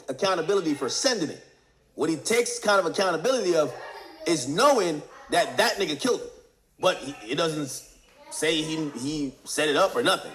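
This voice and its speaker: A man's voice: fairly high pitch, fairly bright tone. A man giving casual, slang-heavy commentary, acting out quotes while he recaps court testimony.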